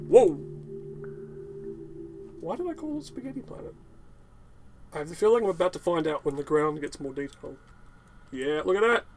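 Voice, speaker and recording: A man's voice: fairly high pitch, slight background noise. A man giving rambling, unedited gameplay commentary, swearing, laughing and ranting as he talks. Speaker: gaming channel host.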